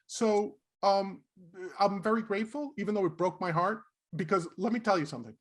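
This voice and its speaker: A middle-aged man co-hosting a podcast, telling stories in a casual, animated way and laughing often. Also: high-pitched, a little fast. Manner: animated, laughing, acts out quotes. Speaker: podcast co-host. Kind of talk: casual storytelling chat.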